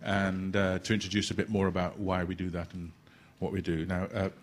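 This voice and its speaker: A man introducing a guest speaker at church, hesitant with many fillers and gently joking. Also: low voice, flat delivery, fairly quick. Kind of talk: church announcement.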